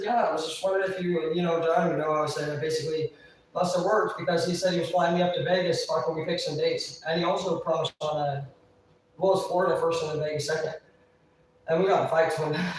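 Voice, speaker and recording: On a livestream from indoors, a woman with a lowish voice tells a long, rambling story, swearing constantly. The audio has a faint hiss or hum, roomy echo and a distant mic.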